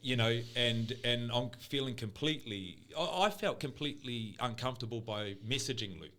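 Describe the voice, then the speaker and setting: A man's voice: medium pitch, normal speed, sharp tone. A man on a casual podcast, rambling and swearing as he tells an emotional personal story. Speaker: podcast co-host.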